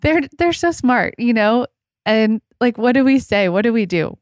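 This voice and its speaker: A woman's voice: a little high, lively intonation, moderate pace, no room sound, studio quality. A woman in her thirties hosting a casual chat, telling stories in a chatty, giggly way. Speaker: podcast host.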